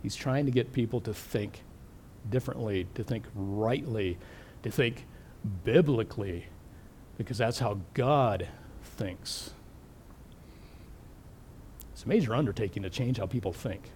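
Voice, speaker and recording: A middle-aged man preaching a sermon, thoughtful and questioning, slowing down to stress key words. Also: lowish voice, a little mellow, slight background noise. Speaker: pastor.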